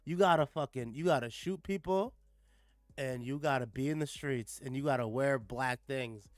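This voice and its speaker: A man delivers casual reaction commentary with read-aloud passages, sarcastic and profane, packing his speech with "like" and "bro." His medium-pitched voice moves at a moderate pace in a dry recording with soft background music.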